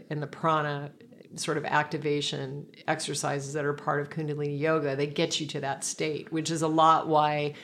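A woman guest in a relaxed conversation, telling a personal story in a reflective, meandering way with frequent restarts. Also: deep voice.

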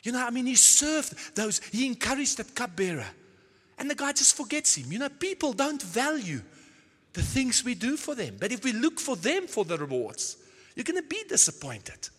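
A man from the Netherlands preaches with passion, his voice high and a little husky. He presses his points with repeated words and sudden emphasis. The sound rings out with a long reverb through a church hall. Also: big pitch swings, moderate pace, fairly bright tone. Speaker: pastor. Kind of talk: sermon.

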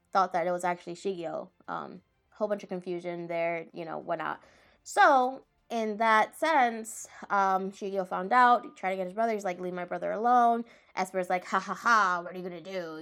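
Woman, anime fan, casual chat; excitable, rambling, quick to laugh, often loses her train of thought. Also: mid-range voice. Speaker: anime fan recapping a show.

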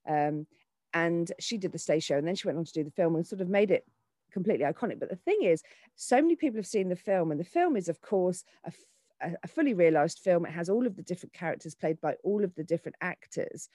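A woman in her forties, an actor and children's author, talking in an animated way in a casual interview, often restarting her sentences. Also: on the low side, fast, no echo. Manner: animated, with frequent restarts and fillers.

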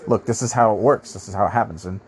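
Speaking quickly in a lowish, slightly nasal voice, a man rambles through a monologue on the podcast he hosts. Swearing comes often, and he keeps breaking off to restart sentences.

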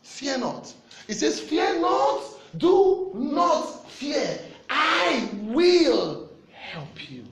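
A Nigerian man preaching a sermon with fervent, animated delivery and shouted refrains. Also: extremely high pitch, very slow, vocal fry, roomy sound.

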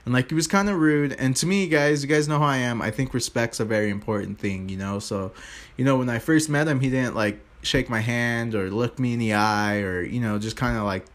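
Young male vlogger recounting a work story; loose and rambling, mid-range voice, animated when quoting people. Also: medium pitch, fairly quick. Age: young adult. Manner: rambling, heavy on fillers and restarts; animated, acts out quoted voices. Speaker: store salesperson. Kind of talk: casual storytelling to viewers.

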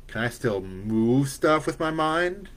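A man voicing an eager little boy with superpowers who gets excited and whines when told no. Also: medium pitch, takes it slowly, pitched above the performer's own voice.

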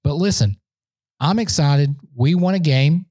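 Guy, excitable podcast fan rant, slightly high voice but mellow tone, dry close sound. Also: a little slow, no room sound. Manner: excitable, boastful fan banter. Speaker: sports podcast host. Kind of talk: solo sports podcast rant. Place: indoor room, standing.

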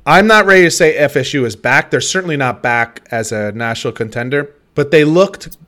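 A man co-hosting a casual sports talk show. He talks in a relaxed, rambling way, often restarting his sentences and hedging his picks. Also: medium pitch, fairly quick. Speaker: sports podcast co-host.

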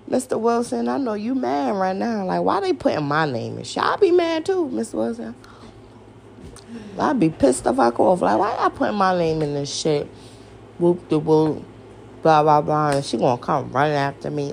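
A woman's voice: fairly low pitch, sing-song, measured pace, vocal fry, darkish tone, a little hiss or hum. A woman hosting a podcast, ranting in a casual, exasperated, profane way and firing off rhetorical questions. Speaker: podcast host. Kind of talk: casual rant.

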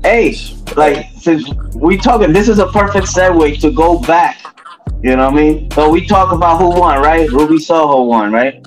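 A man co-hosting a casual wrestling chat, rambling and slangy, filling every pause with "you know what I mean.". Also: a little high, expressive, soft background music. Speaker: podcast co-host. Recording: dull lo-fi audio.

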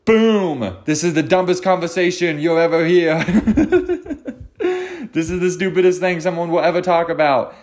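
A man's voice: fairly high pitch, animated, moderate pace, a little mellow. A man hosting his own podcast, rambling off the cuff with jokes, swearing and self-mocking asides. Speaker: podcast host. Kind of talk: unscripted solo podcast ramble.

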